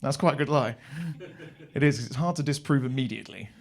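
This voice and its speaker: A man's voice: mid-range voice, fast, vocal fry, crowd noise. A young English man performing a live stand-up routine on a comedy club stage, telling rambling stories with crude swearing.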